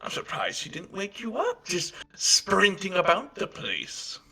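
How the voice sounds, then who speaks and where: A man's voice: wildly swooping pitch, unhurried, gravelly, sharp tone, slightly rough, exaggerated voice. A man voicing a chatty female dragonborn innkeeper who lisps. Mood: friendly. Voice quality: lisping, high-pitched.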